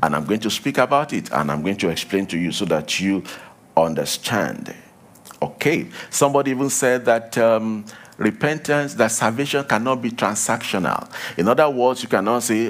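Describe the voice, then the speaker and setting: A male preacher delivering a sermon, emphatic, repeating key lines and dropping to a low hush for warnings. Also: animated, normal speed.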